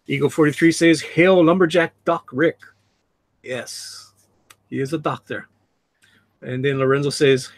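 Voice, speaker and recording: A man's voice: a little high, takes it slowly, long pauses, dry recording. A man hosting a casual livestream, reading chat comments aloud with joking asides and frequent laughs. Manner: chatty, laughs often, reads chat aloud with jokey asides. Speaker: livestream host. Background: dog jumping on him.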